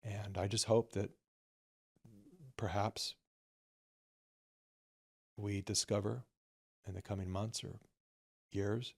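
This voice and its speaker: Guest filmmaker, male, low and gravelly, candid storyteller. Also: level tone, takes it slowly, pauses often. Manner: candid, quoting others in softer voices. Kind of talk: storytelling conversation.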